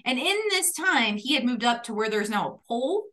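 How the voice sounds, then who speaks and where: A woman with a bright, fairly high voice, telling a story in a relaxed chat. She gets animated and acts out what people said, laughing as she goes. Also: brisk.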